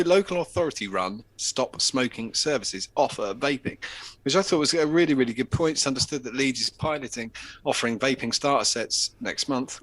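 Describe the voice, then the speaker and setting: English guy hosting a casual chat, bright voice, reads news out, swears a lot, rambles. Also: mid-range voice. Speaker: host.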